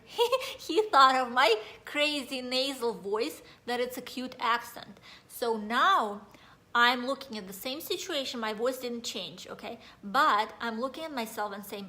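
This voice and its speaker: A woman's voice: on the high side, normal speed, bright, forceful tone. A woman from Russia, giving a rambling, earnest motivational talk on mindset, with a slightly nasal voice and many fillers. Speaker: mindset coach.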